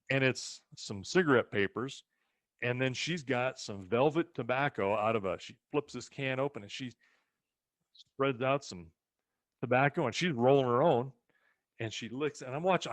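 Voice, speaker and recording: Animated male ranch storyteller. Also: medium pitch, moderate pace, dry recording. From rural western United States. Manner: animated storyteller who acts out other people's lines. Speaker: ranch co-host telling family stories. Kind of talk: casual storytelling chat.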